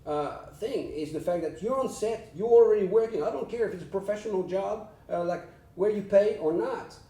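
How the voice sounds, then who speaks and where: A man speaking earnestly and with emphasis as a guest in a casual interview. His voice sits somewhat high and sounds mellow. It is picked up from a distance in an echoey room. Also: brisk. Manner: earnest, emphatic advice-giving. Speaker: actor guest. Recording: roomy sound from a distant mic.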